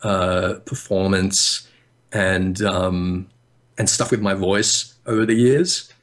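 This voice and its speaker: An Australian man chatting as a podcast guest, articulating deliberately like a trained voice, with frequent restarts and fillers. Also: sits low, fairly even intonation. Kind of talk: casual podcast chat.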